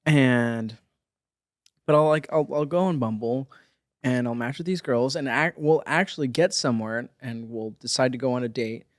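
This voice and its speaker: A man in his forties, talking casually on a podcast. He stumbles and repeats words as he goes and laughs easily, in a middle-pitched voice. The sound is dry and close, with no room around it. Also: moderate pace, dry recording. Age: 40s. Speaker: podcast co-host. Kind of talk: casual chat.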